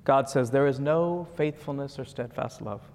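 A man's voice: mid-range voice, moderate pace, a little mellow. A man giving a conversational sermon, with frequent asides and chuckles. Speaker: preacher. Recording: long reverb of a large hall.

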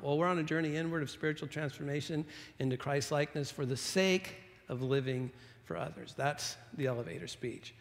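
A man's voice: fairly high pitch, a little fast, long reverb tail. A middle-aged man preaching a sermon to his congregation in a chatty, self-deprecating way, with restarts and asides. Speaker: pastor. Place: church sanctuary.

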